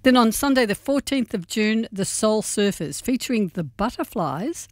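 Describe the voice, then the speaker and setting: A woman co-hosting a radio show, chatting casually and reading a gig guide in a warm, slightly rambling way. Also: on the high side, expressive, normal speed. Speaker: radio co-host. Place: radio studio.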